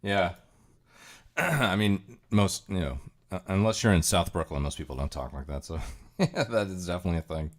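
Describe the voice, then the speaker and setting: Deep-voiced man hosting a livestream. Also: animated, normal speed. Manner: rambling, with frequent fillers and chuckles. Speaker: livestream host. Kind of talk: casual reaction commentary.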